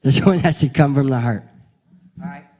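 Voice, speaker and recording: A male pastor giving a lively, playful sermon, leading his congregation in a meowing game before telling a story. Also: medium pitch, normal speed. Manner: playful, energetic, leads the crowd in a meowing game. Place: church sanctuary before a congregation.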